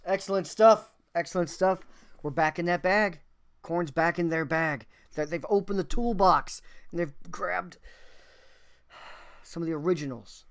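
A man's voice: a little high, measured pace, a little hiss or hum. A man hosting a music reaction video, talking casually and enthusiastically, thinking aloud and swearing now and then.

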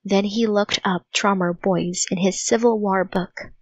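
Slow, clear woman reading a storybook. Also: medium pitch, no echo. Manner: clear, even, unhurried. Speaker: narrator. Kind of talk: storybook read-aloud. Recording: dull lo-fi recording.

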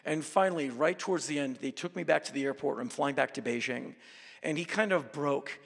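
A man giving a live storytelling talk to an audience as a guest speaker, intense and emphatic, with loud bursts. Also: on the high side, brisk, creaky, breathy edge. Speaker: guest speaker at a university event. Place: auditorium. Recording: reverberant hall.

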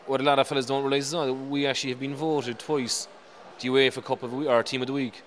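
A man's voice: mid-range voice, level tone, fast. A man, a football supporter speaking proudly and emphatically about his club. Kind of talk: interview.

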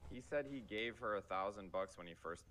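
A man's voice: lowish voice, brisk, sharp tone, a little hiss or hum. A man in casual roleplay chat, playful and joking.

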